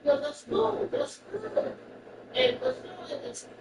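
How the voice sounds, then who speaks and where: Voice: extremely high pitch, lively intonation, unhurried. A speaker in casual chat who rambles and repeats phrases. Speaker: person chatting. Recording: roomy, far from mic, loud traffic noise.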